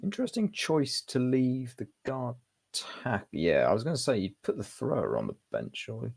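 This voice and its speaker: Gravelly man, casual game commentary. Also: mid-range voice, wildly swooping pitch, moderate pace, a little mellow. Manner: chatty, thinking aloud.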